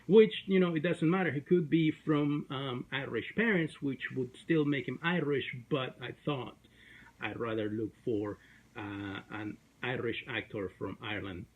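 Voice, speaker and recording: A man's voice: medium pitch, a little slow, breathy edge, phone-quality sound. A man hosting an online show in a chatty, self-deprecating way, with many fillers. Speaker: host. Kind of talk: casual YouTube show.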